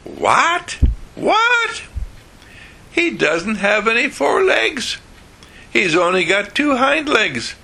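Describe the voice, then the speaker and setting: Casting: man doing shrill squealing storybook family, high and loud, raspy edge. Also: wildly swooping pitch, takes it slowly, long pauses, heavily acted. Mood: astonished. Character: shocked family members, high-pitched and shrill.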